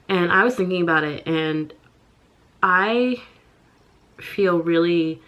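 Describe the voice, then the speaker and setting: Upset young woman, halting and low. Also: a bit bright. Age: young adult. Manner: halting, upset, many pauses and fillers. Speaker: vlogger. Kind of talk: personal confessional vlog.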